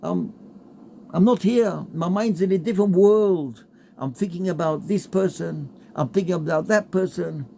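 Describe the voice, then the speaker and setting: Man, Torah talk, higher pitch, heartfelt, faint noise behind. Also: normal speed, vocal fry, dark tone. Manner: heartfelt, repetitive, mixes Hebrew and Yiddish terms. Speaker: Torah speaker.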